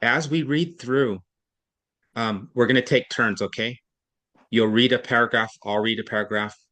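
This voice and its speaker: A man's voice: fairly low pitch, a bit bright. A man tutoring a student in reading over an online session, explaining step by step in a patient, thinking-aloud way with frequent self-corrections.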